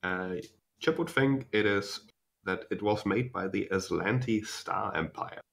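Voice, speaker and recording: A young man narrating as game master, explaining calmly with many fillers and restarts. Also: fairly low pitch, measured pace, gravelly.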